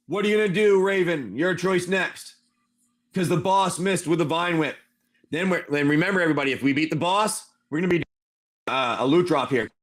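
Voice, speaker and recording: A man running a tabletop game on a live stream, narrating each move play by play. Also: high voice. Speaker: game master.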